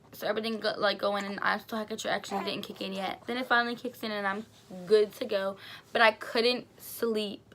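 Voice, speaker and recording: A woman's voice: medium pitch, creaky, a bit bright. A young woman telling a casual story as a vlogger, chatty with lots of fillers.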